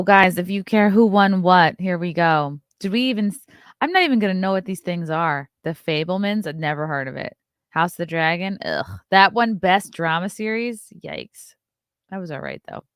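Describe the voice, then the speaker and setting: Woman morning host, lower voice, chatty and sarcastic, dry close mic. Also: clean tone, dry recording. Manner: chatty and wry, quick asides. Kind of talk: casual commentary reading celebrity news.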